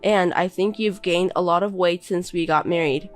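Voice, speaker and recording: Bossy insulting husband, read by a woman in a lowish voice, cold and belittling. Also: fairly even intonation, moderate pace, soft background music, natural voice. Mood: contemptuous. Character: scornful insulting young husband. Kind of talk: reading a text-message story.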